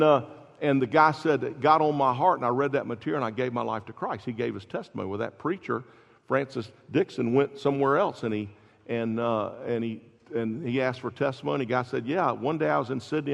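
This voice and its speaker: A man preaching a sermon as pastor, telling stories with rising intensity and quiet drops. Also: mid-range voice, gravelly. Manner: animated storytelling, builds to loud peaks then drops soft. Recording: dull lo-fi recording in a large reverberant hall.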